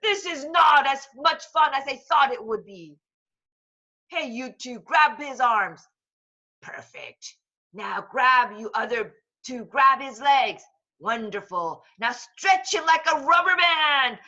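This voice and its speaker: A woman voicing a scheming, bossy male vulture villain from a storybook, yelling in a squeaky, high voice. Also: expressive, slow pace, muffled recording, full character voice.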